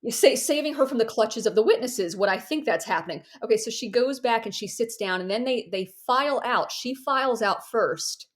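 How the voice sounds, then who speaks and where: A woman's voice: a little high, a little fast, hardly any pauses. A young adult woman, a podcast guest, telling a story with energy, laughing at herself and acting out the voices of the people in it. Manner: animated, self-mocking, acts out voices in her anecdotes. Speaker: guest, author and ex-Jehovah's Witness activist. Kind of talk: casual storytelling in a podcast interview.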